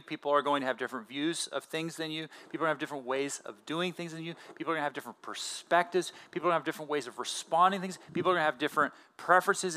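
A man in his thirties, a pastor giving a conversational sermon with casual fillers and animated emphasis. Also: a little high.

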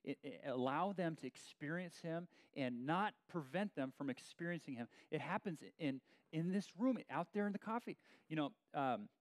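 A man's voice: a little high, moderate pace, no room sound. A man preaching a sermon as a pastor, in a conversational way with frequent restarts. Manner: conversational, animated with many restarts.

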